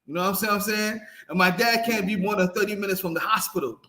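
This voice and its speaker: A man's voice: high-pitched, quick pace, bright, forceful tone. A man from New York, a caller on a stream, arguing insistently, cutting in and laughing often. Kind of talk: casual argument on a stream.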